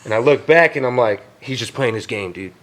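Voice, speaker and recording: A man's voice: medium pitch, expressive, brisk, a bit bright, poor audio. A young man telling a story in casual chat, profane and rambling, full of fillers. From Texas. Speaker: guest tattoo artist.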